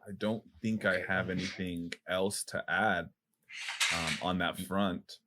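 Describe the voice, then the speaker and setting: A man's voice: low-pitched, fairly even intonation, slow pace, pushed and bright, a little hiss or hum. A man hosting a gaming podcast in casual chat, steering the talk with questions.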